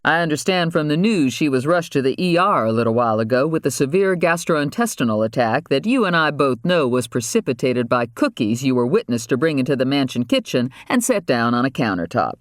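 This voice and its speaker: A man voicing an earnest young male writer who talks in a calm, persuasive way. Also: medium pitch, brisk, hardly any pauses, dry recording, clean studio sound, close to an everyday voice.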